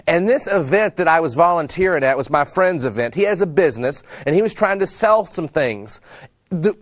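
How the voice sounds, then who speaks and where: A middle-aged man from Texas gives a sales talk full of stories, slipping into the voices of the people in them. His voice sits a little high. The sound is dry and close to the mic. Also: dry recording. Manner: animated storyteller, acts out dialogue. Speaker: sales trainer and speaker.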